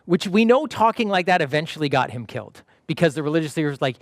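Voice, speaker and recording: A man's voice: on the high side, fast, few pauses, dry recording, clean studio sound. A man preaching a sermon as pastor, acting out the voices of the people in his story. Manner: animated, acts out quoted voices.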